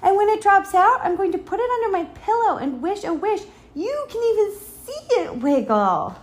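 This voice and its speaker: A woman reading a storybook aloud and voicing an eager little girl who has a loose tooth. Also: slow. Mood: excited. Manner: high, excited, sing-song.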